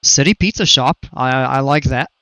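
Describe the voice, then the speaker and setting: A man's voice: medium pitch, moderate pace, sharp tone, dry recording. A man chatting casually on a live game stream through a headset, chuckling a lot and trailing off mid-sentence.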